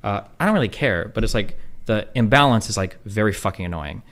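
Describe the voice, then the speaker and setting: A man talking casually on a stream, rambling fast with lots of swearing and fillers. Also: lowish voice, expressive, fairly bright tone. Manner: rapid, profane, filler-heavy. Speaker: streamer in clip.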